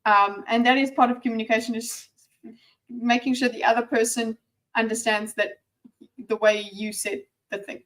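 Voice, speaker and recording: A chatty woman with a slightly high voice, giving casual commentary as she reacts to a video. She talks in an animated way, stumbles over repeated words and restarts her sentences, and sometimes drops almost to a whisper. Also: normal speed.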